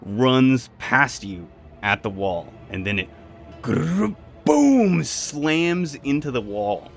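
A man's voice: fairly low pitch, expressive, takes it slowly, a bit bright. A man narrating a tabletop game as game master, describing scenes vividly and making sound effects.

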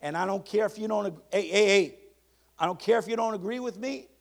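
A pastor preaching a sermon, leading the congregation in call-and-response and reading declarations slowly and emphatically. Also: male voice, high-pitched, creaky.

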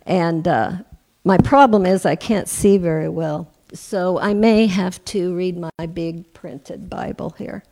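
A woman in her sixties preaching a sermon in a chatty style, turning often to the congregation with questions. Her voice sits low and has a gravelly edge. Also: slow pace. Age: 60s. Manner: warm conversational preaching with asides. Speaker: guest preacher.

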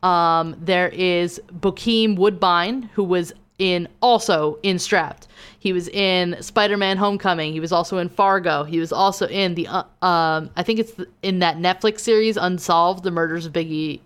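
A woman's voice: on the low side, steady tone, moderate pace, clean tone. A woman co-hosting a casual podcast, reading episode details aloud and chatting with her co-host. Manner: reads listings then banters.

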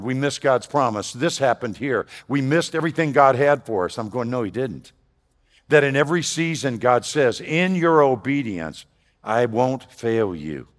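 A man preaching a sermon to his congregation, moving between loud emphatic lines and quiet, lower asides. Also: in a large hall. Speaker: pastor. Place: church sanctuary.

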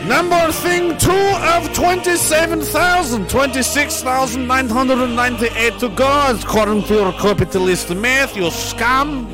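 A swaggering communist governor with a put-on Russian accent, as a man hams it up, pronouncing each absurd decree at a slow, deliberate crawl in a voice pitched well above the man's own. he sounds grandiose and menacing, a petty tyrant enjoying his new power. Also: over music, rough recording. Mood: pompous decree. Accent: mock Russian.

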